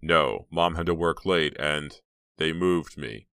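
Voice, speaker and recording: A man voicing a mysterious, laid-back teenage boy in an audiobook, speaking in a slow, offhand way. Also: very deep voice, fairly bright tone, smooth, dry recording, studio quality, heavily acted.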